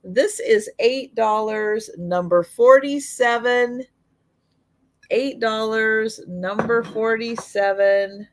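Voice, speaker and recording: A woman hosting a live online sale, listing vintage items and prices one by one with fillers, her voice slightly worn. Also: fairly high pitch. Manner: slow, item-by-item pricing with fillers.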